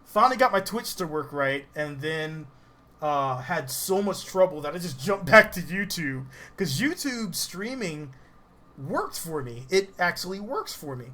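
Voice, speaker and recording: A man's voice: a little high, big pitch swings, measured pace, pushed and bright. A man from the Southern US giving casual livestream commentary while he plays a game, laughing often and greeting viewers in chat.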